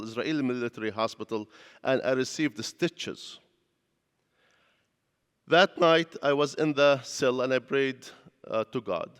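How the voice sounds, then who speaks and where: A man preaches a testimony sermon as a pastor giving a lecture, his medium-pitched voice clean and fairly bright. He narrates earnestly despite non-native grammar, inside a church with long hall reverb.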